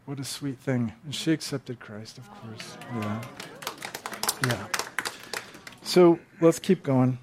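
A man's voice: medium pitch, a little slow, darkish tone. A man preaching a sermon, telling stories conversationally and acting out quotes with animation. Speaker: pastor. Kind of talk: sermon with storytelling.

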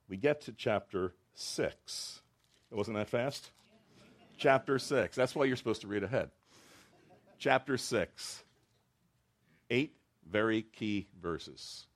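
A man preaching a sermon in a conversational way, acting out quotes with rising emotion. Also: deep voice. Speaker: pastor.

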